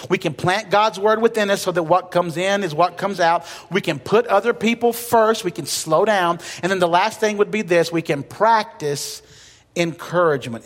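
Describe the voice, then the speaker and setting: Man, pastor, sermon, conversational and emphatic, slightly high voice, reverberant church hall. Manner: conversational preaching with humor and emphatic repetition. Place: church sanctuary.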